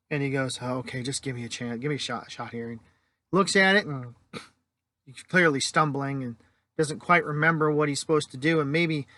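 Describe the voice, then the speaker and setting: A man telling an ad-libbed parable in a casual, rambling way, with restarts and quick quoted lines for the people in it. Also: fairly high pitch, pushed and bright. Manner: briefly voices the story's people in quoted lines. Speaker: storyteller.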